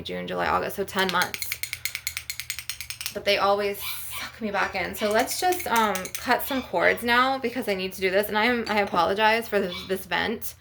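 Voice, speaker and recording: Anxious, high-strung woman venting to camera, rambling and profane; recording has clear background noise. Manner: anxious, rambling, swears a lot. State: anxious and stressed. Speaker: spiritual vlogger. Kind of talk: emotional venting vlog.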